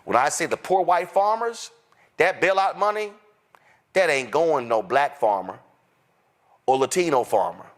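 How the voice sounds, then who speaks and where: Fiery, animated male political commentator. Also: a little high, a little slow, pauses often. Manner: fiery, sarcastic, mocking impressions. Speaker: host.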